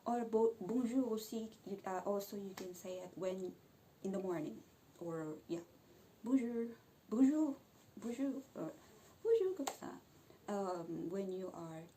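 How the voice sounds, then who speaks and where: Soft-toned Filipino woman teaching phrases. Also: lowish voice, a little hiss or hum, poor audio. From Philippines. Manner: explains with many restarts and self-corrections. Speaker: language vlogger. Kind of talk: casual language lesson.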